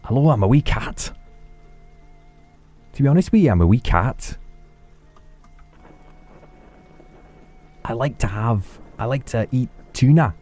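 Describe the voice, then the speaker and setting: A man's voice: mid-range voice, expressive, normal speed, warm tone, faint music behind, pitched above the performer's own voice, close to an everyday voice. A man voicing a cheeky male house cat with a put-on Scottish accent, chirpy and sing-song. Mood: cheerful.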